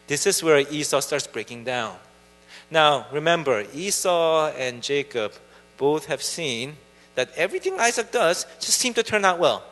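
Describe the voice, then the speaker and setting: A man's voice: on the high side, expressive, unhurried, fairly bright tone, long reverb tail. A man preaching a sermon, retelling the story in a casual, chatty way. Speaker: pastor. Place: church hall.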